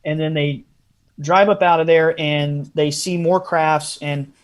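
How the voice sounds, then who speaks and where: A man's voice: a little high, fairly even intonation, unhurried. A man, a podcast guest, telling a long story in a casual interview style with frequent asides.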